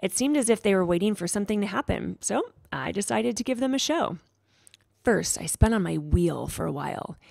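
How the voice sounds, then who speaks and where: Gravelly-voiced woman reading a storybook. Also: fairly low pitch, no room sound, clean studio sound. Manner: gentle, expressive storytelling. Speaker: storybook reader. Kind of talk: reading a children's chapter book aloud.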